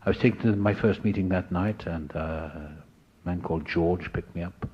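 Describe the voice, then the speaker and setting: A man speaking at a recovery meeting, telling his story in a lively, dramatic way and acting out the voices of other people. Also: low-pitched, moderate pace, husky. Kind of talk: storytelling talk. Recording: dull lo-fi recording.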